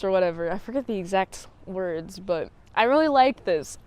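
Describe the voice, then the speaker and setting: A woman's voice: medium pitch, very animated, normal speed, smooth, dry recording. A young woman casually recapping and reviewing TV episodes, chatty and giggly, with lots of filler words and restarts.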